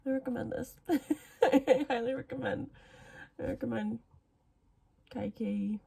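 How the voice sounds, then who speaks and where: A young woman with a slightly high voice talks casually to the camera, gushing and excitable. She laughs often and sounds tearful after a good cry. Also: unhurried, gravelly, husky. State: tearful, having just cried. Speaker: book vlogger. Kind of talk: casual reading vlog chat.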